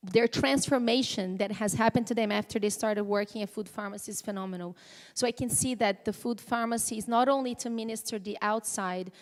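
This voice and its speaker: A woman giving a live conference talk, speaking conversationally with halting restarts. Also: medium pitch. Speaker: presenter. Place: conference hall. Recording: long hall reverb.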